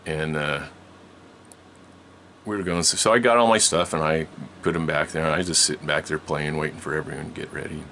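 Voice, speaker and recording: A man's voice: extremely low pitch, steady tone, brisk, pushed and bright, slight background noise. An older man telling a long story from his childhood in a rambling way, with many restarts and frequent laughs. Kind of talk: casual storytelling.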